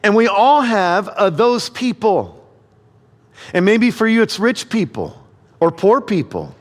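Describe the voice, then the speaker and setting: A man's voice: high-pitched, very animated, takes it slowly. A middle-aged man preaching a sermon as a guest speaker, telling funny stories and acting out the quotes in them. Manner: storytelling with humor, acts out quotes. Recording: preaching in a reverberant church.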